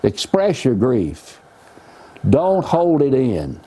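A man's voice: medium pitch, wildly swooping pitch, slow, warm tone. A man teaching the Bible in an earnest, folksy, plainspoken way, using homely examples. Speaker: preacher.

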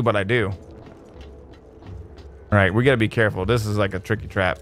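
A man hosting a let's play, giving excitable, jokey gameplay commentary that jumps to high exclamations. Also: brisk, faint music behind.

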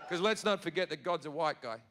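A man's voice: on the high side, lively intonation, fast, a loud crowd, very noisy. A man with an Australian accent doing a profane, brash stand-up routine. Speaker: stand-up comedian.

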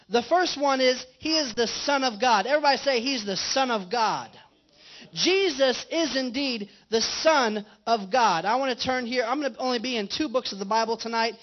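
A male pastor preaching a conversational sermon in a church and putting questions to his congregation. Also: very high voice. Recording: dull lo-fi livestream audio.

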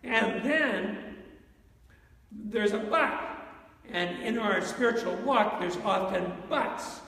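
A male pastor with a high-pitched, animated, fairly bright voice speaks slowly as he preaches in a church sanctuary. He talks conversationally and poses questions to the congregation, recorded from afar in an echoey hall.

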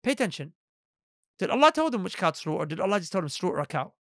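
A man's voice: sits high, very fast, dry recording, studio quality. A man giving a Quran lesson, acting out quoted voices and asking his listeners questions. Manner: animated, acts out quoted voices; asks the listeners rhetorical questions. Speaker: Islamic teacher.

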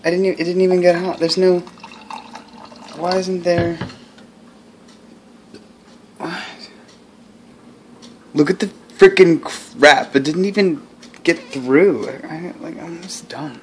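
A man's voice: fairly high pitch, measured pace, long pauses, noisy background. A man vlogging casually at home while making coffee, rambling with self-mocking, mumbled asides.

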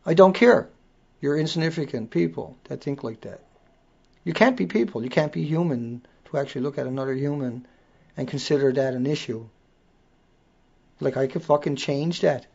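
A slightly high, slightly quick male voice, gravelly yet a touch mellow, carries an accent as he hosts a casual livestream. He rants bluntly and swears freely. The audio is dull and lo-fi.

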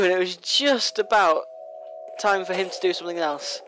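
A young man casually commentating a video game, talking fast, rambling and taunting the boss. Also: sits high, a bit bright. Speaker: gameplay commentator. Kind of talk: casual let's play commentary. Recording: noisy home recording.

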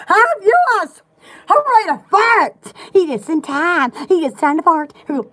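Woman, very high voice, lively swooping pitch, excitable, giggly, rambling. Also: unhurried, slight background noise. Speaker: store vlogger. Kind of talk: casual rambling chat.

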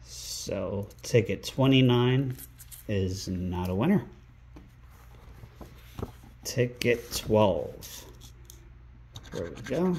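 A man hosting a scratch-ticket vlog indoors at a rental home, calling out numbers one by one and breaking into excited exclamations. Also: on the low side, drawn-out words, long pauses. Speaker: scratch-ticket channel host. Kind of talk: casual vlog narration while scratching tickets.

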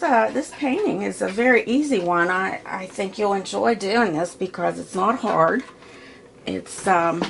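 A woman's voice: medium pitch, gravelly, slight background noise. A middle-aged woman giving a casual, chatty painting tutorial from her home studio, with homey asides as she works. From Pittsburgh area. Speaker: art teacher.

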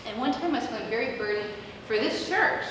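A woman pastor preaching a sermon, telling a story with lively acted-out quotes. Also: a little high, quick pace, far from the mic, noisy background. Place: large church sanctuary. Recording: echoey church hall recorded from afar.

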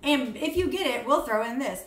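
A woman's voice: high voice, moderate pace, reverberant. Chatty woman in her thirties venting. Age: 30s. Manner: chatty and animated, venting with sarcasm. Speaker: beauty vlogger. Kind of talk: casual chat while doing makeup. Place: home room.

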